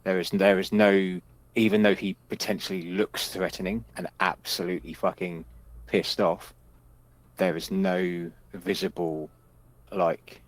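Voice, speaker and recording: A man narrating as game master of a tabletop game, halting with frequent restarts and casual swearing. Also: low voice, level tone, no echo.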